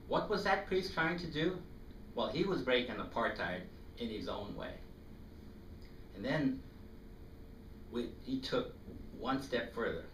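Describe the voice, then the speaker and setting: A man in his fifties from South Africa, telling a personal story to an audience in an animated way and acting out the voices. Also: lowish voice. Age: 50s. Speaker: speaker. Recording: echoey room, distant mic, faint noise.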